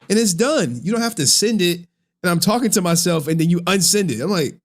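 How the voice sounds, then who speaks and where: A man streaming live, giving commentary in an animated, exasperated rant with frequent swearing. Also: sits high, brisk.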